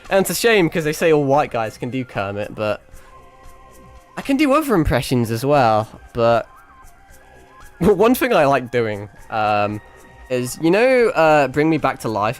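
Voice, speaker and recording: Um jovem streamer conversando casualmente de madrugada, divagando com muitos palavrões, hesitações e recomeços, com a voz cansada e falhando depois de horas falando. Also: male voice, medium pitch. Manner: rambling, swearing, lots of restarts and fillers. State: voice tired and cracking after hours of talking. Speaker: VTuber streamer. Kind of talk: casual late-night stream chat. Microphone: desk microphone.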